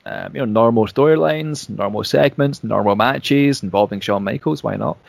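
A man in a casual chat, retelling a story in a rambling way with lots of restarts. His pitch sits mid-range for a man, and the sound is close and dry with no room echo. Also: moderate pace, gravelly. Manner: rambling, many restarts and fillers.

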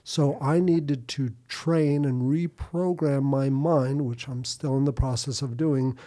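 A man in relaxed podcast conversation, his voice mellow and warm. He speaks reflectively, pausing and restarting as he works through his thoughts, at a middling pitch. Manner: reflective, halting, many restarts. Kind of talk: casual podcast chat.

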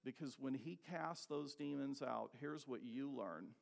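A man preaching an expository sermon, asking rhetorical questions and slowing down to stress key words. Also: mid-range voice, creaky.

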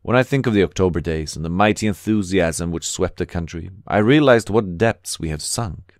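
A man's voice: low voice, moderate pace, dry recording, studio quality. A man voicing a disillusioned middle-aged soldier in an audiobook, speaking mournfully. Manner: mournful, sighing.

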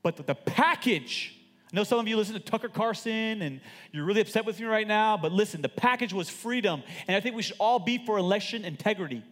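A man preaching a sermon as a pastor, animated and emphatic with joking stories, in a large church auditorium. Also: high-pitched, fast. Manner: animated, emphatic, jokey storytelling. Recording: long hall reverb.

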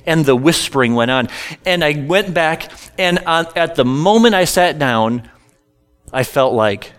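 A man's voice: on the high side, lively intonation, a little slow, a bit bright, clear, resonant tone. A middle-aged male pastor telling a humorous personal story in a sermon, self-deprecating and conversational.

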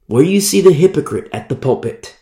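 Gravelly, emphatic preaching man in echoey room. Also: on the high side, expressive, brisk, dark tone. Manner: emphatic preaching with repetition, mocking voices of hypocrites. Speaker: pastor. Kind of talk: sermon.

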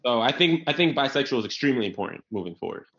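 A man's voice: mid-range voice, racing, a little hiss or hum. A man hosting a casual comedy podcast, telling stories loosely, acting out quotes and swearing freely. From New York area. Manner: animated storyteller, acts out quotes, swears freely. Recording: slightly dull lo-fi audio.

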